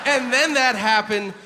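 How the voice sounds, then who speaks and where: A man performing stand-up on a comedy stage into a handheld mic, telling stories animatedly and acting out the quotes himself. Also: a little high. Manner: animated storytelling with acted-out quotes. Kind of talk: stand-up set. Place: comedy stage before a live audience. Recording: live hall reverb with crowd noise.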